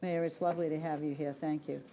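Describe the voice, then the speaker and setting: A woman's voice: sits low, flat delivery, fast talker, mellow, a little hiss or hum. A woman moderating a conference in a hall. She talks in a chatty, self-deprecating and apologetic way. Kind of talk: casual event moderation.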